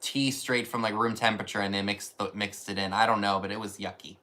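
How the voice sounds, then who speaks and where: Bright-voiced man chatting on a live stream. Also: fairly low pitch, steady tone, brisk. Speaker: co-host. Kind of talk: casual live-stream chat.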